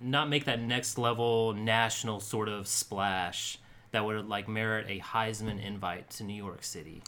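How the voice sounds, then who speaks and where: A man's voice: on the low side, steady tone, unhurried, sharp tone. A man co-hosting a podcast, trading offhand jokes in casual sports chat. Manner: joking, offhand banter. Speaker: podcast co-host.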